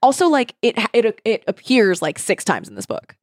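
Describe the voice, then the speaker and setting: A woman co-hosting a casual chat recapping a book, animated and giggly, often acting out characters' lines. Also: mid-range voice, normal speed, no room sound, studio quality.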